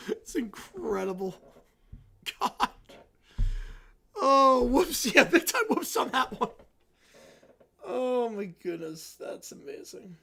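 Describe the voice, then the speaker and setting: A woman hosting a livestream, giving excitable live reaction commentary full of exclamations. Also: a little high, slow, creaky, pauses often. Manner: animated, excitable, breaks into exclamations. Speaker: livestream host.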